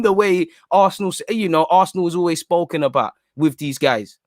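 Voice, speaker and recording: A young man hosts a casual livestream, riffing in animated slang full of "bro" and "man". His voice sits a touch high. The sound is dry and close, with no room echo. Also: fairly quick. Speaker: fan channel livestream host.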